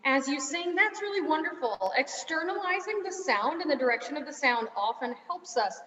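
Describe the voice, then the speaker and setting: A young woman directing a choir warm-up over a video call, encouraging and full of vivid images. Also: high-pitched, expressive, normal speed. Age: young adult. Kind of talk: vocal warm-up instruction. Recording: roomy dull video-call audio.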